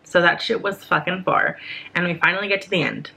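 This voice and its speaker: Young woman, bright tone, lowish voice, casual storytime, animated, swears a lot. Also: brisk, creaky. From United States. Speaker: vlogger.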